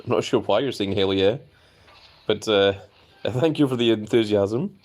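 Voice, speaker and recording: A man's voice: lowish voice, normal speed, darkish tone. A man hosting a casual live stream, chatting loosely and reading viewer messages aloud.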